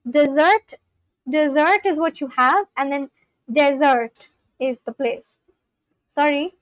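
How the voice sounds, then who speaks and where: Woman, high voice, dry sound, loose streaming chat with lots of restarts. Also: measured pace, fairly bright tone, no echo, highs cut off. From India. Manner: thinks aloud, answers chat questions, repeats practice phrases with many restarts. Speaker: livestreamer learning a language. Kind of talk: casual live-stream chat.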